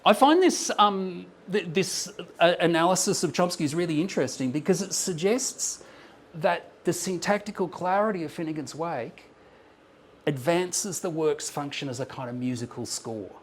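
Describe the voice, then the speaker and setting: A man's voice: fairly high pitch, normal speed, slight background noise. Man giving an academic paper talk. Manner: thoughtful, explanatory, with frequent ums and restarts. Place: lecture room with slides on a screen.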